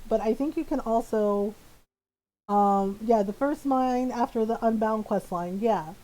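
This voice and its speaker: A woman streamer with a bright, high voice talks casually while she plays. She laughs often and mimics the people in her stories in animated bursts. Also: low-quality recording. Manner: animated, acts out family members' voices. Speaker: live-streamer. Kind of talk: casual chat while gaming.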